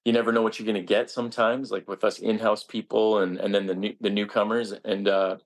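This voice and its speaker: A man, a stage actor, answering interview questions in an earnest, halting way with frequent restarts. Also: on the low side, little pitch movement.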